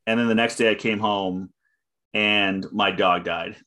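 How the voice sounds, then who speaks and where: A man co-hosting a podcast in casual chat, deadpan and teasing dryly. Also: lowish voice, unhurried. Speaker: podcast co-host.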